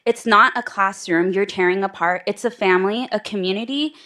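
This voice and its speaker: A woman's voice: medium pitch, brisk, bright, forceful tone. A mother giving an emotional prepared public comment at a school board meeting, close to tears.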